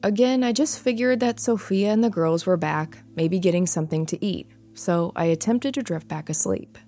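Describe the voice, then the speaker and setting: A woman giving a measured, suspenseful first-person narration of a ghost story. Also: lowish voice, dark tone. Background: faint music.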